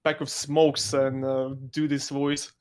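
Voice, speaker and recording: A man speaks English at a medium pitch. His sentences come out in halting pieces, full of pauses and loose grammar. He sounds like a casual guest on a chat show. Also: flat delivery, clear, resonant tone. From Russia. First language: Russian. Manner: halting, broken phrasing with frequent pauses. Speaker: podcast guest.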